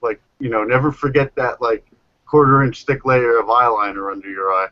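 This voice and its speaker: A man's voice: mid-range voice, fairly even intonation, moderate pace. A man hosting a casual group video chat, rambling and mocking, in slang. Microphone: webcam mic on video call. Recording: lo-fi online call audio.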